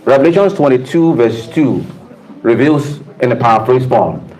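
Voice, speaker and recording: A man's voice: medium pitch, expressive, moderate pace, darkish tone, a little hiss or hum, poor audio. A man giving an emphatic, preacher-like talk to a live audience in a room, calling out to the listeners. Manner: emphatic preacher-like delivery with audience call-outs. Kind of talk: motivational talk to staff.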